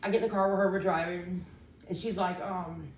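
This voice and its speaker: A woman's voice: on the low side, fairly even intonation, brisk, muffled recording, a little hiss or hum. A woman telling a candid personal story in a rambling way, quoting what others said along the way. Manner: rambling, quotes others' lines. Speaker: interviewee sharing a recovery story. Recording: roomy sound from a distant mic.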